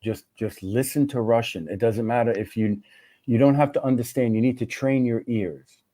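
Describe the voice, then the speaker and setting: A man's voice: mid-range voice, moderate pace, warm tone, no room sound. A man from New York, a guest and English teacher, chatting casually on a livestream. He acts out little conversations and often restarts his sentences. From New York, USA.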